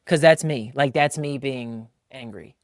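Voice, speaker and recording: A man's voice: mid-range voice, measured pace, no room sound, studio quality. A man in his thirties hosting a casual podcast chat, telling stories with lots of acted-out quotes and casual slang. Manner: animated storytelling, acting out quotes, frequent "like" and "bro". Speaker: podcast host.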